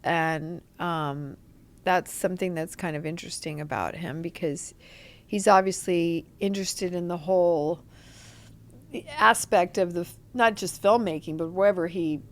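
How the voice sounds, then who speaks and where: Guesting on a podcast, an actress with a fairly low voice speaks at a measured pace in relaxed conversation. Her storytelling is lively, and she performs other people's quotes as she goes.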